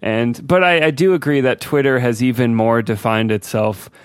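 A man co-hosting a podcast, chatting casually about tech in a relaxed way, often laughing. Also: mid-range voice, moderate pace, smooth, dry recording, studio quality. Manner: relaxed, laughs easily, mimics voices.

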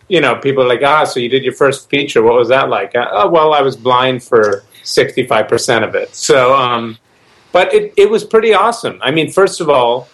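Animated rambling man on a podcast. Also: medium pitch, poor audio. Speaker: actor on a podcast. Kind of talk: casual joking chat.

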